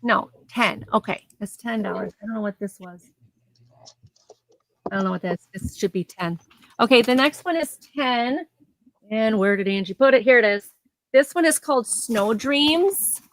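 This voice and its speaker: A woman's voice: fairly high pitch, normal speed, no room sound, low-quality recording. A chatty woman running a casual live sale from home, describing items and laughing easily. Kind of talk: casual live auction chat. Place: home, near her garage.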